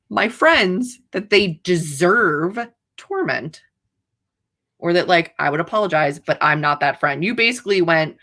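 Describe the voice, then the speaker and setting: A woman's voice: lowish voice, expressive, moderate pace, a bit bright. A woman author hosting a livestream, chatting casually in a rambling, playfully dramatic way. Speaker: author hosting writing sprints.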